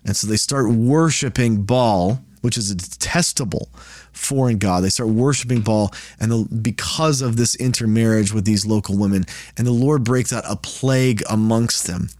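A man's voice: fairly low pitch, normal speed, a little mellow, no echo. A man leading a casual Bible study, explaining scripture in a conversational way and paraphrasing it in quoted asides.

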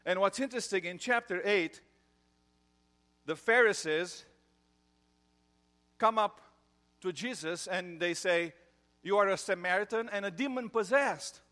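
A man's voice: high voice, a little slow, long pauses, bright, forceful tone. Man preaching a conversational sermon. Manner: conversational, with fillers and joke telling. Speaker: pastor.

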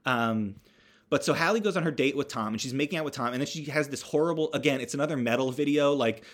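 A man's voice: mid-range voice, quick pace. A man casually recapping a horror movie, rambling with wry asides and self-corrections.

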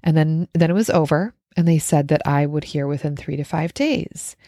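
A woman coach telling a personal story in an earnest, reflective way, often laughing softly and restarting her sentences. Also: low-pitched, moderate pace, dry recording, studio quality.

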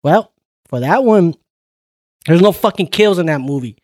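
A man with a slightly high voice talks in a laid-back, profane way and keeps tacking "man" onto his lines. The sound is dry and close. He is a co-host in casual chat. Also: lively intonation, moderate pace, a little mellow, no room sound. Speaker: podcast co-host.

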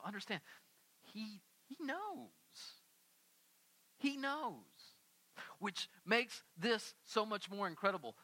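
A young man preaching a sermon, animated and casual, acting out scripture characters in everyday voices. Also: high-pitched. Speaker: pastor.

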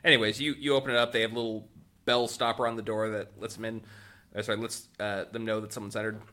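Guy running a tabletop game podcast, bright voice, jokey, trips over his words a bit. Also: on the low side, little pitch movement, fast. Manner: joking, rambling with restarts. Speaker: game master.

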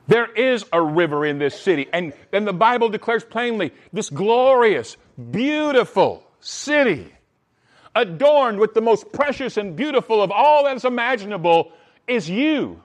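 A man preaching a sermon in an animated way, often restarting his words. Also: sits high, normal speed. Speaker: pastor.

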